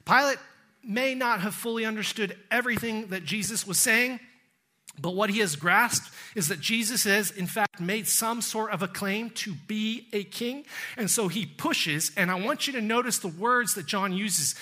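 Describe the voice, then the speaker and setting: A pastor preaching an expository sermon, emphatic, sinking to hushed tones for weight and putting questions straight to the listeners. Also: male voice, high voice, normal speed. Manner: asks the listeners direct questions.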